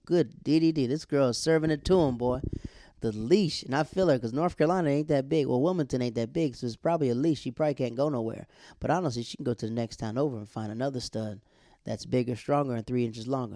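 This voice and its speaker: A man casually recapping a TV episode, animated and slangy, acting out the characters' lines as he goes. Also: medium pitch, fairly quick, no echo, studio quality. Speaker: show recapper.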